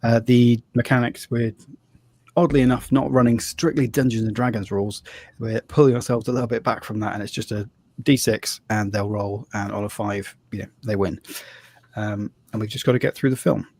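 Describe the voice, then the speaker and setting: A man with a husky voice hosts a live tabletop role-playing stream, setting up the game. He talks casually and loosely, stopping to restart sentences and dropping in fillers as he goes. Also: on the low side, steady tone, normal speed, a little mellow, no echo. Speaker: host and game master.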